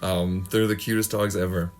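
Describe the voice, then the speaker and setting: A male podcast host with a very low, deep voice. He talks casually and rambles, loses his thread, restarts, and drops a swear word now and then. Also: level tone, normal speed. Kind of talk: casual chat.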